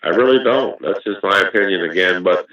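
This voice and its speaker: A man talking earnestly about faith in a casual chat, reflective and halting, with many restarts. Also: deep voice, far from the mic, dull audio, a crowd in the background. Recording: very echoey room, off-mic.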